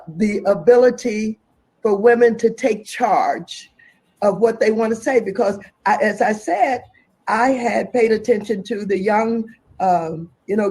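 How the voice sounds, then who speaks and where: Woman, husky voice, measured and reflective interview talk. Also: mid-range voice, darkish tone. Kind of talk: spoken interview remarks.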